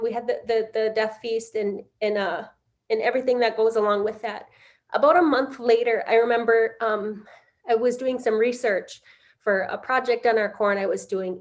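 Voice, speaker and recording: Middle-aged woman, higher register, unpolished storyteller who stops and restarts often. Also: darkish tone. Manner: halting, full of fillers and restarts. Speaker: interviewee. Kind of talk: casual storytelling.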